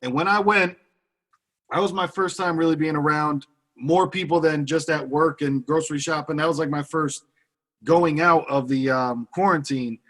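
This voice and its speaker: A man's voice: on the high side, normal speed, fairly bright tone. A young man cohosting a podcast in casual chat, chiming in with agreement and slang.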